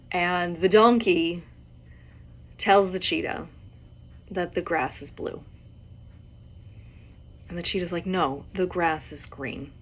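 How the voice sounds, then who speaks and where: A woman in her forties hosting a solo podcast, talking in a conversational way and often adding tag questions. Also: on the low side. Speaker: podcast host.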